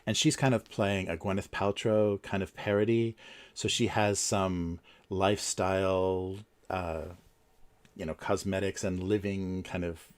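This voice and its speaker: A man's voice: low voice, steady tone, unhurried, clean tone. A man hosting a casual livestream, talking in a rambling way with many fillers and restarts. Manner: chuckles between points. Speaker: livestream host.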